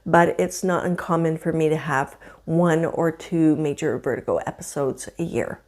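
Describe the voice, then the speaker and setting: Chatty woman with a rough morning voice. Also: sits low, normal speed, darkish tone. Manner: chatty and candid, laughs often. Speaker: vlogger. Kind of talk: casual personal vlog. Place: home, indoors.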